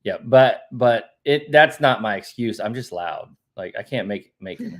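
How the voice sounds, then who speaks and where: A man co-hosting a family live stream, talking loudly and excitedly in casual chat, from the United States. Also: medium pitch, measured pace. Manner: loud, excitable, lively delivery.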